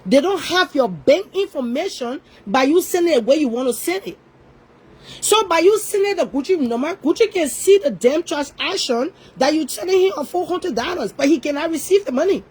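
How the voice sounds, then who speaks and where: High-voiced scolding woman. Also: lively intonation, normal speed, darkish tone, low-quality recording. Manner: scolding, repetitive, confrontational. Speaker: online commentator. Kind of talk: ranting social media commentary.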